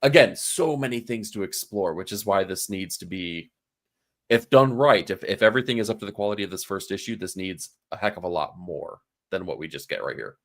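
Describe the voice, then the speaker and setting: A man's voice: low voice, lively intonation, brisk. A man co-hosting a casual comic book podcast, earnest and analytical, repeating phrases for emphasis. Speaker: podcast co-host.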